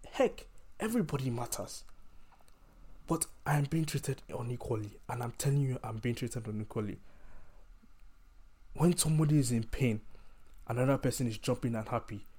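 A man's voice: medium pitch, darkish tone, husky. A man delivering an impassioned, heated rant to his audience, emphatic and often repeating and restarting his phrases.

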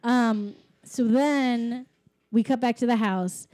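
A woman's voice: fairly high pitch, slow, a little mellow, dry recording. A woman casually recapping a movie with a friend, storytelling and acting out quotes with lots of laughter. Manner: chatty storyteller, acts out quotes, laughs often. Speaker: podcast co-host recapping a film. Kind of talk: casual chat.

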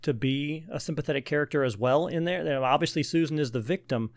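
A man's voice: a little high, fast talker, dry recording. A man hosting an interview, engaged and asking long leading questions.

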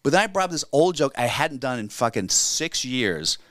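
A man's voice: mid-range voice, very animated, moderate pace, a bit bright, no echo, clean studio sound. A middle-aged man, a comedian, chatting casually on a podcast, rambling and swearing freely with frequent laughs. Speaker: stand-up comedian, podcast co-host. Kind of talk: casual chat.

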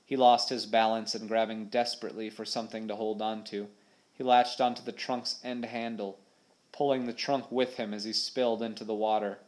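An audiobook narrator reads a scripted adventure story aloud in a dramatic, vivid storytelling manner. His voice is lowish and a little mellow, with a level tone and a moderate pace.

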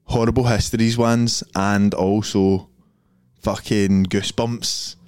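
A man's voice: on the low side, level tone, takes it slowly, darkish tone, smooth, dry recording, clean studio sound. A young man with a Glaswegian Scottish accent, chatting casually as a podcast host, rambling, swearing freely and laughing often. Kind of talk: casual chat.

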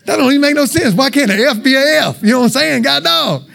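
A man's voice: very high-pitched, quick pace, gravelly, a bit bright. A man preaching an informal, joking sermon with call-and-response.

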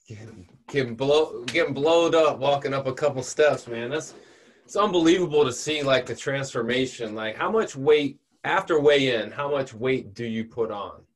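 A man's voice: mid-range voice, lively intonation, normal speed. A man interviewing a fighter, asking long, rambling questions with repeated words.

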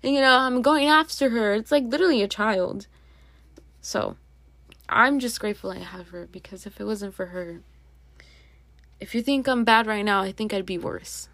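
A woman's voice: medium pitch, moderate pace, pauses often, fairly bright tone, no echo. A young woman hosting a casual solo podcast, rambling and chatty with plenty of asides. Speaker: podcast host.

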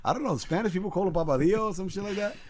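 A man hosting a casual show, ranting loudly with heavy slang and swearing. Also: high voice, rapid-fire, noisy background. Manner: loud, animated, swearing, street slang. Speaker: host. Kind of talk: casual profane rant.

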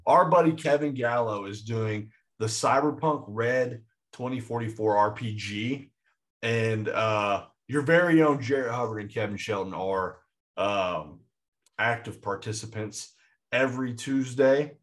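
A man co-hosting a movie podcast in casual chat, excitable and rambling with frequent restarts. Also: mid-range voice, unhurried. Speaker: podcast co-host.

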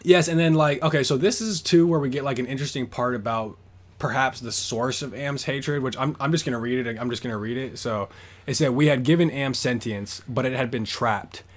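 Brisk and mid-range, a man's voice carries a casual, rambling story on his podcast, part of an easygoing book discussion. He fills his speech heavily with "like."

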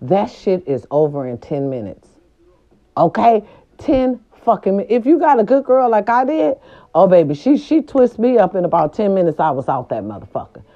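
A woman spins a casual story for her viewers, swearing freely and keeping it playful. Her delivery is blunt and direct, with a medium-pitched voice. The recording sounds a little dull and lo-fi. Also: sing-song, moderate pace, dark tone. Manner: blunt, profane, playful, talks straight to viewers. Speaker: vlogger telling a story to viewers.

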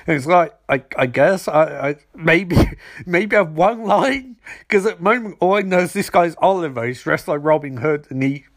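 A man's voice: a little high, expressive, normal speed, no echo, studio quality. A man casually recapping a TV episode with rambling, sarcastic asides.

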